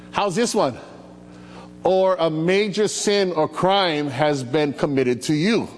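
A man preaching a sermon as pastor, animated and playful, calling out to his congregation and asking them to repeat after him. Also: on the high side, slow, long pauses. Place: church hall. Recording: echoey hall with faint hum.

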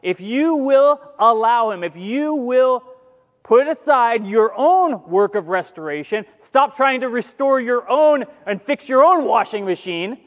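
Male pastor, very high voice, conversational sermon, joking asides, echoing church hall. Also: expressive, a little slow.

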